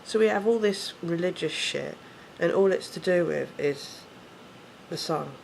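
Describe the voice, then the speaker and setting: A man's voice: on the high side, unhurried, gravelly, a little hiss or hum. A man with an English accent, ranting casually to camera, swearing often and correcting himself as he rambles. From England. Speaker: vlogger.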